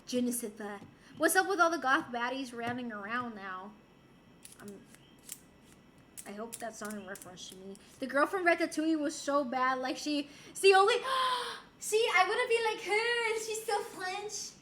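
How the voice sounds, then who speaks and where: A woman's voice: high voice, animated, moderate pace, a bit bright, slight background noise. A woman from Puerto Rico streaming and chatting casually with viewers, playful and giggly, dropping in Spanish and French phrases. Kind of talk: casual chat reading viewer messages.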